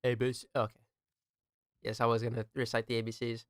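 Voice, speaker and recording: A man's voice: medium pitch, monotone, a little fast, no echo, studio quality. A young man chatting casually while streaming a game, laid-back, joking and swearing often. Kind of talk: casual chat while gaming.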